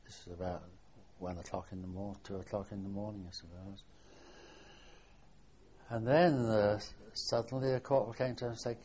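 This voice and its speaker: Older veteran, low voice, halting recollections that fade out at the ends of phrases, heard on a muffled old tape. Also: male voice, steady tone, slight background noise. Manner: halting reminiscing, trailing off softly. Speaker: war veteran interviewee. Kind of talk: oral history interview. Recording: dull lo-fi archival tape.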